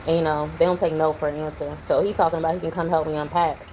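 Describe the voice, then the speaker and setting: A young adult woman chats casually to camera in her home. Her voice sits a little low, and she tells her stories with lots of back-and-forth. A faint hum of background noise runs under the recording. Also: fast talker, rough recording. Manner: chatty storytelling, animated when retelling. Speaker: vlogger. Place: home, indoors.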